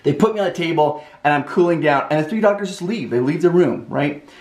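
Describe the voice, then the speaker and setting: A man telling a personal story in a casual, animated way, with lots of "like" fillers. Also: fairly high pitch, fast talker, roomy sound.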